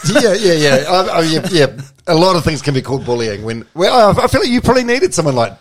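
A man's voice: fairly high pitch, big pitch swings, fast. A man hosting a casual interview, asking probing questions and nodding along with short backchannels. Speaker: podcast host.

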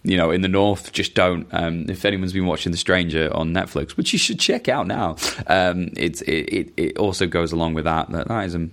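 A man's voice: low-pitched, moderate pace, creaky, hardly any pauses. A man hosting a podcast, casually answering listener questions in a rambling, self-interrupting way with chuckling asides. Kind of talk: casual chat.

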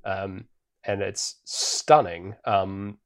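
A man co-hosting a podcast, recapping a film in a relaxed, rambling way with plenty of fillers. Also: low voice, very slow, clean tone. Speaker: podcast co-host. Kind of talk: casual film recap chat. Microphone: podcast microphone.

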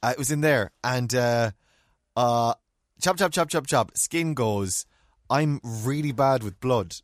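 An Irish man in casual chat, telling a story with lively acted-out quotes and frequent laughs. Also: mid-range voice, slow, no echo, clean studio sound. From Ireland. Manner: animated, acts out quotes, laughs often.

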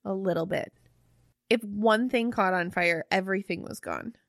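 A young woman co-hosting a casual podcast chat, curious and excitable, with casual swearing. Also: medium pitch, normal speed, creaky, dry recording, clean studio sound. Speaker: podcast co-host.

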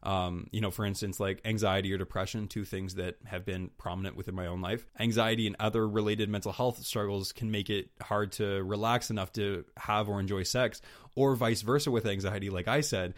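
A man's voice: on the low side, fairly even intonation, a little fast. A young man hosting a solo podcast, talking candidly and rambling with lots of fillers and restarts, swearing casually. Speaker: podcast host.

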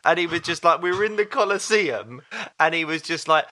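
A man in his thirties co-hosting a podcast, telling stories in a lively way and laughing often. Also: a little high, brisk. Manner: animated storyteller, laughs often. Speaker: podcast co-host. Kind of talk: casual chat.

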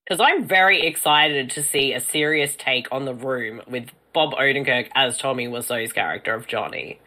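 A woman's voice: a bass voice, moderate pace, sharp tone, rough recording. A woman bluntly swearing her way through a casual movie commentary chat. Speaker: podcast co-host.

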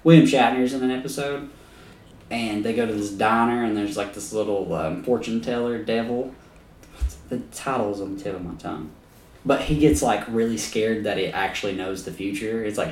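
A man's voice: on the low side, normal speed, reverberant, distant mic. A man co-hosting a podcast in casual chat, enthusiastic and loose, swearing freely as he gushes. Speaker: podcast co-host.

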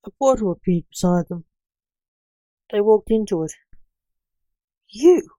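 A woman reading a fan-fiction story aloud in plain, unhurried narration. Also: mid-range voice, dark tone, no echo, low-quality recording. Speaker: reader.

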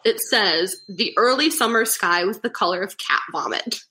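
A young adult woman, a podcast guest in casual chat, animated and giggly, with lots of fillers. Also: mid-range voice, normal speed.

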